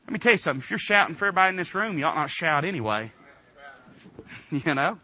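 A high-pitched man delivers a sermon. He swings from folksy storytelling into loud, fervent preaching. The recording is dull and lo-fi. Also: sing-song, fast talker.

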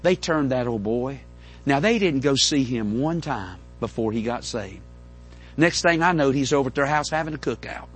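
A middle-aged man, preaching a folksy, animated storytelling sermon to a congregation. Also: mid-range voice, normal speed, husky, faint music behind. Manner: folksy, animated, with repeated stammering restarts. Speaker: pastor. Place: church in front of a congregation.

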